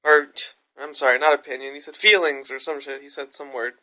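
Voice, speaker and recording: Bright-voiced woman ranting frankly. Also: a bass voice, fairly even intonation, a little fast. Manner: frank, profane, rambling storytelling. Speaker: vlogger. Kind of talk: candid vlog monologue.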